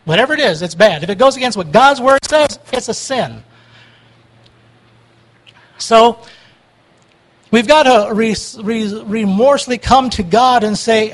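A man preaching a sermon, emphatic and swinging between loud urging and quiet pleading prayer. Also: high-pitched, lively intonation, a little slow, poor audio.

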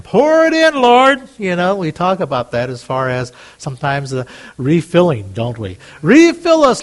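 Guy preaching a chatty sermon, kinda high voice, stumbles and restarts a lot, gets louder on the prayer bits. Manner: conversational preaching with many restarts and scripture readings; rises loud and high on prayers. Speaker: pastor.

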